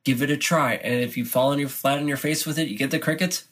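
A man who directs a choir, giving energetic podcast tips to other choir directors and acting out classroom moments as he goes. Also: mid-range voice, fast talker.

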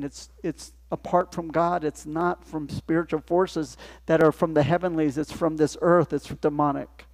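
A male pastor delivers a sermon in church, with a voice that sits slightly high. He talks to the congregation plainly and conversationally, asking rhetorical questions and letting points sink in. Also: steady tone, moderate pace, a little mellow.

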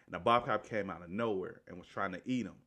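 A man's voice: low-pitched, fast talker, pushed and bright, husky. Man rambling through a movie plot. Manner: rambling, with frequent restarts and self-corrections; loose, colloquial storytelling with "right?" tags. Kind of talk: casual retelling of a movie plot.

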